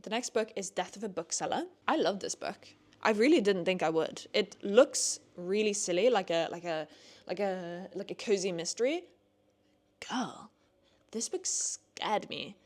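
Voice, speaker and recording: This casual book review vlog features a young woman speaking at a moderate pace in a medium-pitched voice. Talkative and full of "like", she curses freely when annoyed, and her lively delivery sometimes builds into rants.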